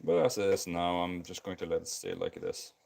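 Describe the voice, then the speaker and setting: Tired low-voiced Scandinavian man rambling. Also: big pitch swings, fairly quick, creaky, noisy background. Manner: rambling, many ums and restarts. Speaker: streamer. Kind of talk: casual live build commentary. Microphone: basic non-professional mic.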